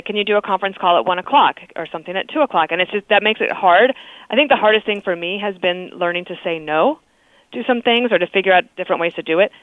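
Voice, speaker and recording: A woman's voice: on the low side, dry recording. A woman guest phones in to a radio show and chats candidly, easing in the odd filler. The line sounds tinny and phone-like, with no room around her. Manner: chatty and candid, with small fillers. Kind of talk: phone interview on talk radio.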